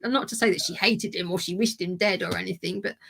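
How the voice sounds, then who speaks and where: A woman's voice: on the low side, steady tone, fast, vocal fry, fairly bright tone, breathy edge. A woman co-hosting a casual online history chat, talking in a chatty, hedging way. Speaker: co-host.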